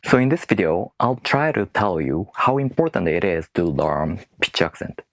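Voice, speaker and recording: A man whose first language is not English, teaching in a video lesson with rhetorical questions and slow, careful demonstrations of word stress. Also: deep voice, sing-song, no room sound. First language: non-English speaker.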